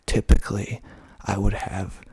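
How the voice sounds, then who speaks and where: A man from Georgia with a Southern accent, whispering slowly and softly into a close mic in an ASMR video, with fillers along the way. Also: fairly low pitch, completely flat delivery, vocal fry, slightly rough, no room sound. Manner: slow, soft-spoken whispering with fillers. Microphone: close mic, pops on plosives.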